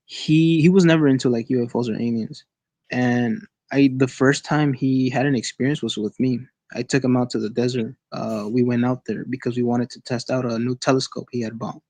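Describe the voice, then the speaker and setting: A man's voice: medium pitch, a little mellow, no room sound. Man, casual storytelling guest, stumbling restarts, mid-range voice, dry sound. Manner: halting, with many restarts and repeated words. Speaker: guest sharing an experience. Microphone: online call.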